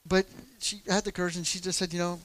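A middle-aged man speaks about faith in a relaxed, conversational way. He tells on himself with candid, self-deprecating humor, padding his sentences with fillers and restarts. His voice sits slightly higher than most men's. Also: fast. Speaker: church elder. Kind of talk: casual talk on faith.

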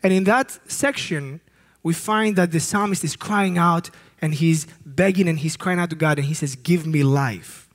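High-voiced earnest preacher man. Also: moderate pace, fairly bright tone. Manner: earnest, emphatic preaching with occasional slips and restarts. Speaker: youth ministry director preaching. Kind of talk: sermon.

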